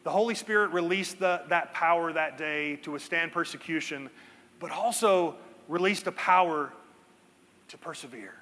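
A pastor preaching a sermon with earnest emphasis and dramatic pauses, slowing down to stress key points. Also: male voice, on the high side, bright, forceful tone, long reverb tail.

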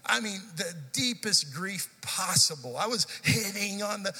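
A pastor in his forties preaches with a bright, forceful voice that sits a little high, telling stories in a lively, conversational way. His words ring out with the long reverb of a church sanctuary. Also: measured pace, breathy edge. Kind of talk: sermon.

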